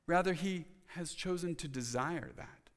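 A man's voice: on the high side, measured pace, fairly bright tone. A male pastor preaching a sermon in an earnest manner, often restarting his sentences and pressing hard on key points. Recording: long reverb of a church hall.

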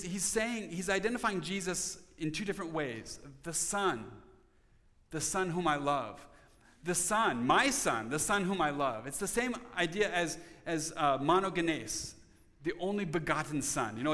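A man preaching a sermon as pastor, earnest, dropping to soft tones for emphasis. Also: a little high, big-room sound.

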